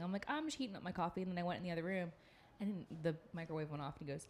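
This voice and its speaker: A woman in her twenties co-hosting a casual podcast chat, telling lively stories about her son and acting out his lines. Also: mid-range voice, fast. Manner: animated storyteller, laughs often, acts out quotes. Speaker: podcast co-host.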